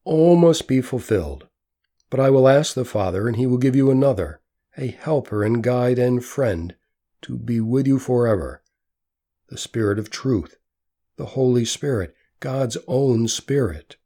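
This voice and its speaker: A man voicing a calm, solemn teacher. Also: mid-range voice. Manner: slow, measured teaching.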